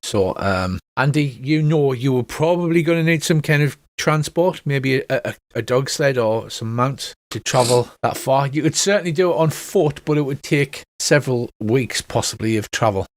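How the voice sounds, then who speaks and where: A man's voice: medium pitch, animated, moderate pace, few pauses, no room sound. A man narrating as game master for a tabletop game, hesitant and full of filler sounds.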